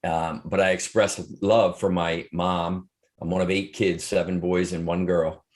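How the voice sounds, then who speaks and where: Middle-aged guy with a low voice, earnest and reflective, lots of restarts, interview chat. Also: flat delivery, a little slow. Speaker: guest speaker and author. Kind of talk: interview storytelling.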